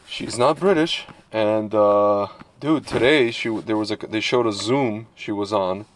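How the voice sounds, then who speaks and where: A man's voice: fairly low pitch, measured pace. A man co-hosting a podcast in casual chat, rambling with many fillers and restarts, now and then slipping into mocking voices when he quotes people. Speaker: podcast co-host.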